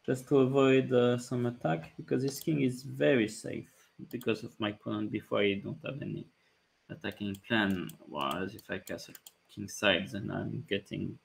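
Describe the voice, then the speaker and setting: Guy streaming chess, slow and gravelly, thinks out loud, keyboard clicking. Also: mid-range voice. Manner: calm, thinking aloud move by move, light joking. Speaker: chess grandmaster streaming live games. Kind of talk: live-stream commentary on his own play.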